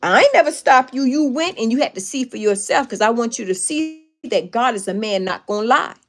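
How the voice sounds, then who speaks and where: A woman live streaming, casually telling a story to her viewers in an emphatic, animated way with lots of repetition. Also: fairly high pitch, brisk.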